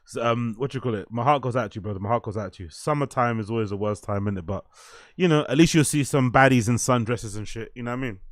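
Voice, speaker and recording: A man's voice: medium pitch, fast, dry recording, studio quality. A young man, hosting a casual livestream, reading chat aloud and swearing freely. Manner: laid-back, swearing, laughs often, reads chat aloud. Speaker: livestream host.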